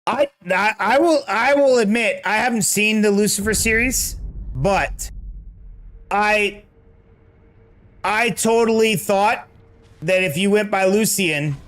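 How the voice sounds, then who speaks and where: A man's voice: high voice, a bit bright. Chatty man streaming a game. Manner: chatty, rambling, restarts words when distracted. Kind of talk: casual gaming livestream chat.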